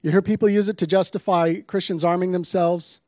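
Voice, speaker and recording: A man's voice: sits high, fairly even intonation, brisk, darkish tone, no echo, clean studio sound. A man giving a sermon, reading scripture aloud with dramatic emphasis on the quoted lines before explaining the passage. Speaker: preacher.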